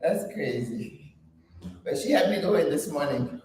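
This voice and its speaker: Older woman host, slow-talking, chatty and laughing while she works out, recorded from a distance in an echoey space. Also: sits low, animated, a little mellow, slight background noise. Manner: chatty, laughs often, breathy exertion sounds. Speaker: channel host. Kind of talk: casual vlog while exercising.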